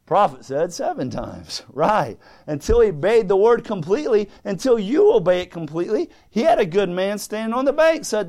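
Fervent high-voiced male preacher. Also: sing-song, moderate pace, few pauses. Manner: fervent, swings from quiet to loud, quotes scripture in old English. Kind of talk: sermon.

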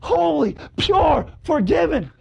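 A man's voice: very high-pitched, very animated, slow, vocal fry, lo-fi sound. A man preaching a fervent sermon in church, calling out to the congregation and breaking into hallelujahs. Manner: fervent, calls out brother, sister, shouts hallelujah. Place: church service with congregation responding.

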